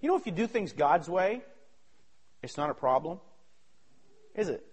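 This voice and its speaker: High-voiced guy preaching, super lively, goes from mumbling to yelling, does little voices for bible stories. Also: moderate pace, slightly rough. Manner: fervent, swings from low mutters to high shouts. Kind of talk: sermon.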